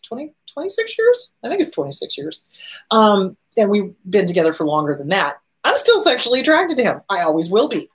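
A middle-aged woman hosting a relationship advice talk, answering viewer questions and driving her points home by repeating them. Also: fairly high pitch. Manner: emphatic, repeats key phrases. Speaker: host.

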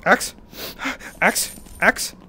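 A man streaming a game live, yelling reactions and making mock-heroic boasts at a desk mic. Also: extremely slow, slight background noise.

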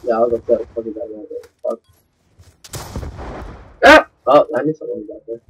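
A young man chatting casually while playing an online shooter, excitable and swearing often. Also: medium pitch, quick pace, creaky, lo-fi sound, a little hiss or hum. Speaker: gamer. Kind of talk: casual gameplay chat.

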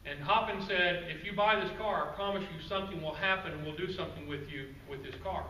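A man giving a guest-speaker presentation to a club audience, telling stories in a relaxed, conversational way with asides to the crowd. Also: high-pitched, brisk. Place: meeting room with an audience. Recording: roomy, distant, faint background noise.

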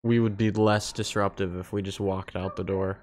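A man's voice: low voice, flat delivery, moderate pace, a little mellow, slight background noise. A man hosting a movie reaction, chatting casually and joking around. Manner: joking, playful.

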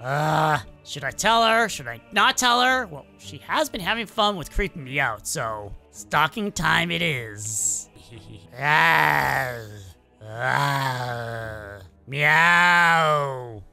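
Woman doing a mischievous cartoon fox animatronic, teasing, playfully creepy, lively sing-song pitch, bright tone. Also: extremely slow, creaky, soft background music, heavily acted. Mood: sneaky. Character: mischievous male animatronic fox dressed as a cat monster. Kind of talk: fan animation voice acting.

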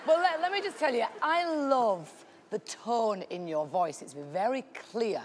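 Bubbly high-voiced woman coach. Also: expressive, a little slow. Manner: bubbly, laughing, gushing. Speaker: talent show coach. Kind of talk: casual banter on a TV talent show. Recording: noisy studio with audience.

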